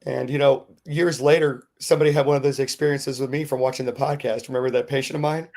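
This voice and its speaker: Middle-aged guy with a gravelly voice, rambling podcast story, lots of uhs. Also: mid-range voice, quick pace. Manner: rambling, animated retelling with many fillers. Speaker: podcast co-host. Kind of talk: casual storytelling.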